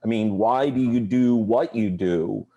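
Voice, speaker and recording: A man's voice: lowish voice, measured pace, mellow, muffled recording. A man hosting an interview, asking friendly questions and often restarting his sentences. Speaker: interview host. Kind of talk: conversational interview.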